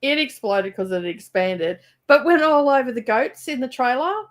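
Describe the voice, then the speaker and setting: An Australian woman with a high voice co-hosts a live reading stream from a rural home library. Speaking at a normal pace, she chats casually as an animated storyteller who laughs often.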